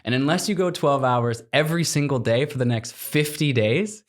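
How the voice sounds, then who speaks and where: A man's voice: mid-range voice, moderate pace. A man in his thirties telling an adventure story in a podcast interview, acting out the quotes and laughing often. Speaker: guest, explorer.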